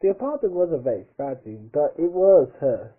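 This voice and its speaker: A man's voice: a little high, big pitch swings, normal speed, husky. A man reading a fan book aloud in a casual way, tripping over words, rereading his slips and adding his own asides. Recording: tinny phone-like sound.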